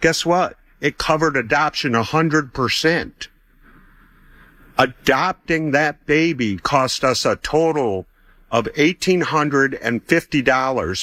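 A man's voice: mid-range voice, pushed and bright, no room sound. Middle-aged man, personal testimony, easygoing storyteller who chuckles and quotes people, dead-dry recording. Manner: conversational, acts out dialogue, chuckles often.

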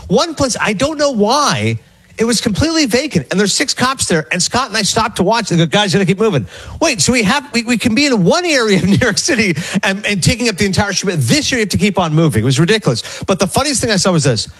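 Male radio co-host, high husky voice, rapid rambling anecdotes. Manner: rambling, animated storyteller acting out quotes. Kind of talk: casual storytelling chat.

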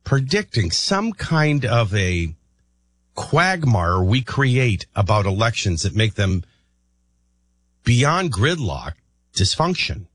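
Husky, lively male radio host. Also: fairly low pitch, slow, no echo. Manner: rambling, thinks out loud with many restarts. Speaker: radio talk show host. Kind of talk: morning talk radio commentary.

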